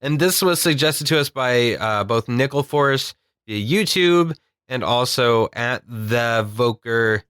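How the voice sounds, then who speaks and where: Male podcast co-host, rambling and jokey, bright tone, dry close recording. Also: medium pitch, animated, takes it slowly, clean tone, dry recording. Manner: jokey, rambling, laughs often. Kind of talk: casual chat.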